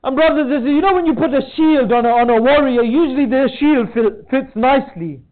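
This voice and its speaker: A man's voice: extremely high pitch, a little fast. A man narrating a mourning sermon, his voice rising into a tearful lament. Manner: recites in a rising lament, voice breaking toward tears. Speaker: speaker at a mourning gathering. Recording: tinny phone-like sound.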